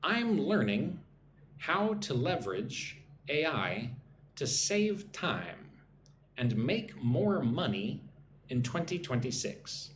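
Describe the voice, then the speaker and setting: Man, English teacher, live lesson, slow careful delivery, sleepy, echoey room. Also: fairly high pitch, big pitch swings. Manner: drills phrases slowly, reads chat names aloud. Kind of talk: live-streamed pronunciation lesson. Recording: echoey room with faint background noise.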